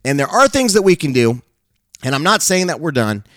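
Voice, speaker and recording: A man's voice: a little high, sing-song, brisk, a bit bright, no room sound. A middle-aged male pastor and show host giving an urgent, impassioned monologue that turns into fervent prayer.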